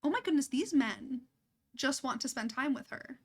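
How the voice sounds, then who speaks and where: A woman's voice: sits high, lively intonation, normal speed, breathy edge. A young woman chatting casually as she streams a life-sim game, talking to her characters and laughing often. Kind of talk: casual gameplay commentary.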